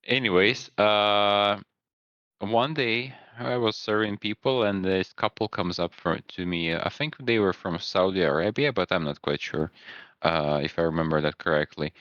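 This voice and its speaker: A man's voice: deep voice, normal speed, a bit bright, no echo, muffled recording. A young man co-hosting a casual podcast chat, telling work stories with many fillers and restarts. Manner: storytelling, hesitant with many fillers. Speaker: podcast co-host.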